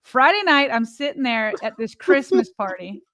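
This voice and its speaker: A young woman co-hosting a podcast in casual chat, animated and teasing, laughing a lot. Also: fairly high pitch, moderate pace, dry recording, studio quality. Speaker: podcast co-host.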